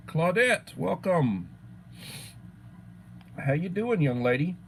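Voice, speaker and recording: A man's voice: fairly high pitch, very animated, slow pace, creaky, slight background noise, rough recording. Man, middle-aged, from Texas, casual livestream host, greets chat by name, restarts sentences. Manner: chatty, greets viewers by name, repeats words when thinking.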